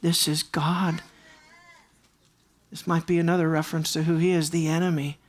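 A man's voice: on the high side, level tone, normal speed. Earnest man preaching, repeating key lines. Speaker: pastor. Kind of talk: sermon.

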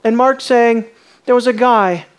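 A preacher working through a sermon at an unhurried, measured pace, the voice sitting at an ordinary middle pitch. The delivery keeps turning into questions put to the listeners, with words repeated while the next thought forms. It drops to hushed, near-whispered lines and rises again for emphasis. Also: clear, resonant tone. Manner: shifts between hushed, almost whispered lines and raised, emphatic ones.

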